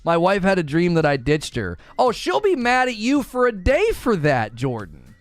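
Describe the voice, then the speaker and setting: A man's voice: sits high, wildly swooping pitch, normal speed, dry recording. A man hosting a casual live stream, chatting and joking with viewers, laughing often and slipping into playful voices. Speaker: streaming show host.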